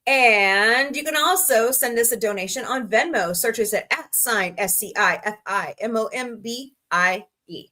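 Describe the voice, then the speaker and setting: A woman's voice: fairly high pitch, a little slow, hardly any pauses, sharp tone. A woman from Missouri hosting a casual live stream, chatty and rambling with frank asides to her viewers. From Missouri, USA. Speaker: livestream host.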